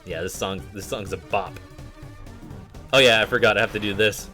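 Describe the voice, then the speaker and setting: Rambling streamer man, bright voice. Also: lowish voice, normal speed, pauses often, faint music behind. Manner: rambling, many fillers and restarts, reads game text aloud. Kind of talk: casual gameplay commentary.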